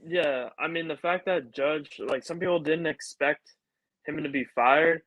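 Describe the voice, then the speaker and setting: Bright-voiced man rambling on a call. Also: a little high, a little slow, lo-fi sound. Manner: rambling, hesitant with many fillers. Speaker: caller on a podcast. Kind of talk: casual chat. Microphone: video call.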